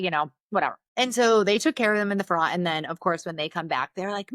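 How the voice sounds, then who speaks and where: A woman physician telling stories in an interview, animated and peppering her talk with "like" and "right?". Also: lowish voice, fast talker, hardly any pauses, no echo, studio quality. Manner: animated, fills speech with "like" and "right?". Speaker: guest, Navy physician. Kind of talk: conversational interview storytelling.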